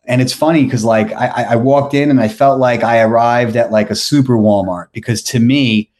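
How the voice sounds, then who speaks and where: A man's voice: medium pitch, steady tone, normal speed, a little mellow. A man from New York telling a story as a podcast guest, rambling with lots of fillers and restarts. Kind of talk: casual storytelling.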